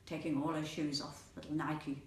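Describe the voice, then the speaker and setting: A woman storyteller telling a folk tale aloud in a playful, animated manner, repeating words for rhythm. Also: low voice, normal speed, slight background noise. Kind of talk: oral storytelling. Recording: echoey room, mic at a distance.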